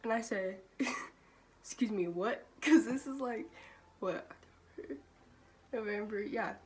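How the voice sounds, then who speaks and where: A woman's voice: a little high, takes it slowly. A young woman telling a storytime vlog in a casual, profane way, laughing often and filling her talk with "like". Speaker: vlogger.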